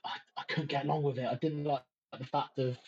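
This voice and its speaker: A young man, a podcast guest, telling stories in casual chat with animated energy and laughter. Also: medium pitch, fairly quick. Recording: dull, slightly noisy line.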